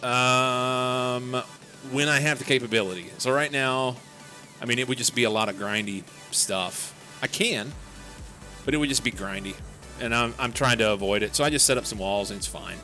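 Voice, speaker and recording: A man's voice: medium pitch, normal speed, sharp tone. A young man casually talking through a live game stream, rambling and answering chat. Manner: rambling, chatty, reads chat aloud. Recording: background game music.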